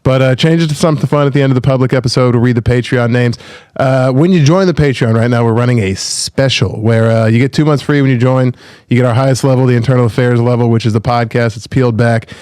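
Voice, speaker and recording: A man co-hosting a podcast talks fast and rambles with wisecracks and profanity. His pitch is in the middle range. The recording is close and dry. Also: steady tone, a little mellow, no echo. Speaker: podcast co-host. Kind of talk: casual podcast chat.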